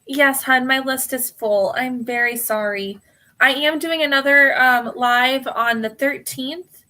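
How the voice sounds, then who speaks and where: A woman's voice: high-pitched, measured pace. American woman chatting with live viewers. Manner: warm, apologetic, giggly, calls viewers hon. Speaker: tarot reader hosting a live stream. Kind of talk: casual live-stream chat with viewers.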